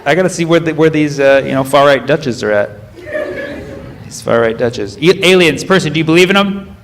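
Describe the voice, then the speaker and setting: A man from the United States doing stand-up crowd work, questioning the audience in a quick, playful way. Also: a little high. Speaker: stand-up comedian. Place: comedy club with a live audience. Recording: live stage recording with crowd noise.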